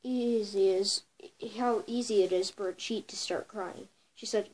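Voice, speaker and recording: A woman's voice: medium pitch, fairly even intonation, measured pace, darkish tone, poor audio. A girl telling a folk tale for a home video, reading with many stumbles and self-corrections. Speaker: storyteller.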